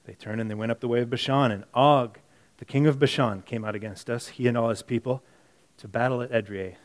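A man's voice: medium pitch, steady tone, fairly quick. Conversational preaching man, wide swings. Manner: conversational preaching, swings from quiet asides to emphatic bursts; self-correcting, repeats words. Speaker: pastor. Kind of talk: sermon.

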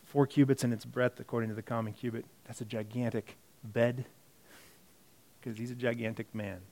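At a normal speed and in a level, mid-range voice, a pastor gives a conversational sermon. He swings widely from hushed asides to emphatic bursts, often correcting himself and saying words twice.

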